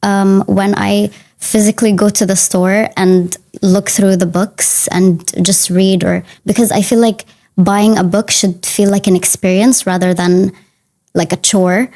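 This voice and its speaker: A woman's voice: mid-range voice, flat delivery, unhurried, mellow. A woman answering practice speaking exam questions, hesitant with many fillers. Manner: hesitant, lots of ums and likes. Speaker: exam candidate.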